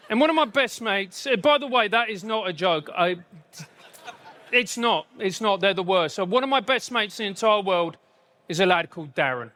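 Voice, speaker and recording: English stand-up comic, high and bright, punchy self-mockery. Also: male voice, lively intonation. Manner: punchy, self-mocking delivery with quick asides. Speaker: stand-up comedian. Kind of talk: live stand-up comedy.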